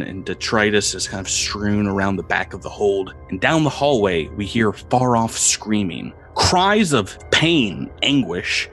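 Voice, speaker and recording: A man narrating a tabletop game as game master, describing scenes with frequent pauses and repeated words. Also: on the low side, a bit bright. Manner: descriptive, halting with fillers and repeats.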